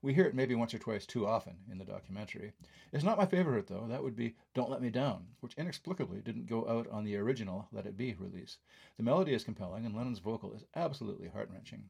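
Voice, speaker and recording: A man's voice: lowish voice, lively intonation, quick pace, creaky, a little mellow, slightly rough. An older man reading his own film review aloud, with wry, conversational asides.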